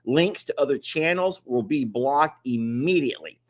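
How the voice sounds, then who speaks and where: A talkative man with a drawl, hosting a casual live stream. His voice rises and falls a lot as he rambles on and chuckles between thoughts. His pitch sits in the middle range. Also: lively intonation, moderate pace. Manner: rambling, chatty, laughs often. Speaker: livestream co-host. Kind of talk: casual chat.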